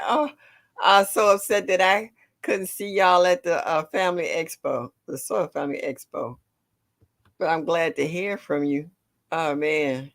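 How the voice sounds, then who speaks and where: An older woman hosting a casual gardening livestream, greeting viewers by name and chatting warmly. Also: lowish voice, unhurried. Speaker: livestream host.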